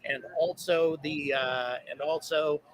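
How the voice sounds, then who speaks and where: A man streams live outdoors at a launch viewpoint, chatting casually, reading viewers' locations, and thanking them. He speaks slowly and steadily in a fairly high voice, with low-quality sound from the mic on his handheld camera.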